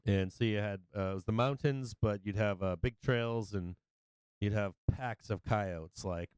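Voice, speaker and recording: A man's voice: fairly low pitch, unhurried, darkish tone, clear, resonant tone, dry recording. A man hosting a livestream, telling rambling stories in casual chat, swearing and laughing often. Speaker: livestream host.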